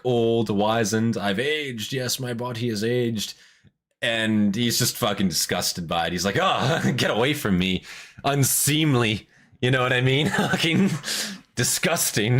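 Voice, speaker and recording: A man hosting a reaction video, giving casual commentary that is excitable and full of swearing. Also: medium pitch. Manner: excitable, swears and laughs a lot.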